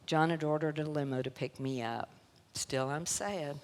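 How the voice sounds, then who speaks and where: Her low-pitched, darkish voice moves at a moderate pace with fairly even intonation. She's a Southern US guest speaker telling her emotional story to a church audience, with laughter and sorrow, the sanctuary's long reverb around her.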